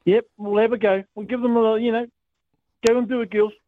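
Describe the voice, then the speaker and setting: A New Zealand-accented man phones in to a radio show, and his voice sits unusually high. He talks in an excitable, rambling way and exclaims a lot. The line is thin and phone-like, with no room sound. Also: a little fast, dry recording. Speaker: caller. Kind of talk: casual phone call to radio.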